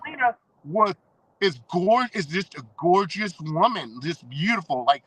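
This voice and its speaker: Man, high voice, dry close sound; rambling, enthusiastic podcast co-host, casual chat. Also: lively intonation, a little slow, fairly bright tone, slightly rough, no echo, rough recording. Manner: rambling, enthusiastic, laughs often.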